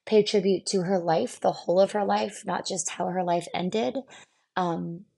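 A woman therapist hosting a solo podcast, who is losing her voice. She talks candidly and reflectively, pausing often with fillers. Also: on the low side, fairly even intonation, gravelly, warm tone, husky. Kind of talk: casual solo podcast talk.

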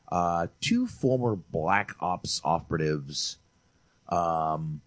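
A man's voice: deep voice, slightly rough, no echo. A man co-hosting a movie podcast, chatting casually and profanely, calling his friend dude. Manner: animated, swears freely, says dude. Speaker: podcast co-host reviewing movies.

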